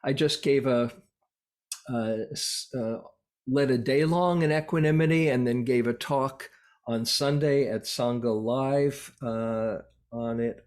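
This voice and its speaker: Slow, reflective male meditation teacher. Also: mid-range voice, darkish tone. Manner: unhurried, reflective, with frequent pauses and fillers. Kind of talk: Buddhist dharma talk.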